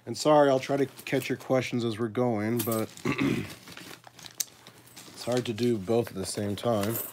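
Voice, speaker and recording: A man hosting a casual coin-collecting video, chatting to his viewers and thinking aloud as he sorts, with excited little exclamations. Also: mid-range voice, unhurried, a little hiss or hum. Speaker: coin collecting channel host. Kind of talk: casual live coin sorting chat.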